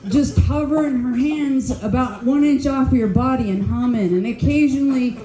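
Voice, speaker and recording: Older woman, stand-up comic, profane and blunt, warm tone, echoey room. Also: high-pitched, normal speed, a little hiss or hum. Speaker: stand-up comedian. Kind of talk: stand-up comedy set. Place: comedy club stage. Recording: roomy club echo.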